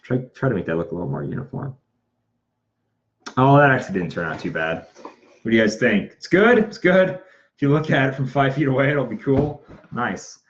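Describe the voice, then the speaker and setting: A man's voice: mid-range voice, expressive, moderate pace, long pauses. A young man chatting casually on a livestream while making a prop in an indoor workshop, self-deprecating and given to muttering and whispering to himself. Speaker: prop maker livestream host. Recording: muffled stream audio with faint noise.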